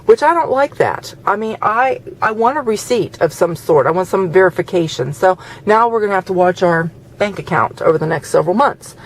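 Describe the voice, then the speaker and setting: A woman's voice: medium pitch, lively intonation, a little fast, hardly any pauses. A woman talks straight to her camera in a casual vlog, venting with plain indignation. She recounts exchanges and her own replies in an everyday speaking voice. The sound is of a handheld camera inside a parked car. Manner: indignant, venting, retells conversations. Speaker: vlogger.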